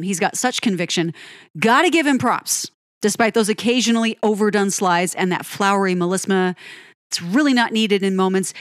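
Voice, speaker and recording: A woman giving an admiring, unhurried commentary on a pop ballad. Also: medium pitch, no room sound, clean studio sound. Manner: admiring, lingers on phrases, sings lyric snippets. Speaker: music reviewer. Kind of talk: song-by-song music commentary.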